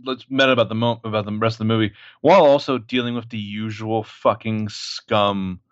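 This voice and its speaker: A man co-hosting a casual movie podcast, animated and profane, acting out scenes as he talks. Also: fairly low pitch, fairly quick, no echo, dull audio. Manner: animated, profane, acts out lines. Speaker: podcast co-host.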